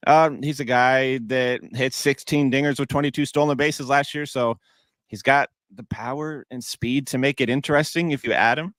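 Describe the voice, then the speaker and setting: A man guesting on a fantasy baseball podcast, giving measured player analysis. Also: medium pitch, a bit bright, no room sound. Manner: analytical, measured, some restarts. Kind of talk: casual podcast chat.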